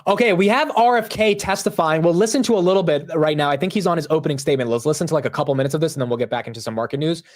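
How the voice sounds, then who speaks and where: A man's voice: a little high, rapid-fire, hardly any pauses. Slangy chatty man hosting a market stream. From United States. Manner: slangy and chatty, says bro and dude, laughs often. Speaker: livestream host. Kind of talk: casual live market commentary.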